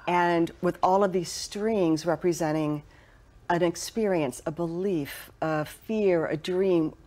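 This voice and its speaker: Calm reflective woman harpist guest. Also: on the low side, slow. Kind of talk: interview conversation.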